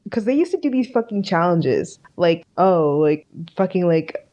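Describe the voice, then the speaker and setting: A woman's voice: on the low side, big pitch swings, normal speed, mellow, muffled recording. A woman co-hosting a podcast, chatting casually, rambling, swearing freely and trailing off. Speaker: podcast co-host. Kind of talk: casual chat.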